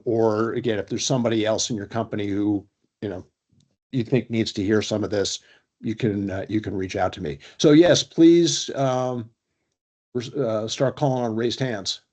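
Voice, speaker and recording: A man presenting an online workshop on a video call, talking briskly with a storytelling manner and plenty of fillers. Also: on the low side, fairly even intonation, darkish tone.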